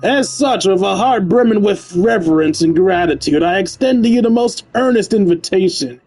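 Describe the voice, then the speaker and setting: A cowboy gunslinger from a video game reads out a flowery formal letter in a deliberately lowered drawl, put on by a man. The voice still sits fairly high beneath the drawl. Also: expressive, a little mellow, faint music behind, rough recording. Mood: pompous.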